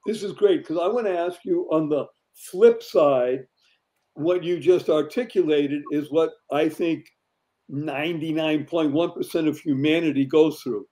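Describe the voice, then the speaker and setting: Excitable high-voiced podcast host. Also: male voice, unhurried. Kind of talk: casual interview talk.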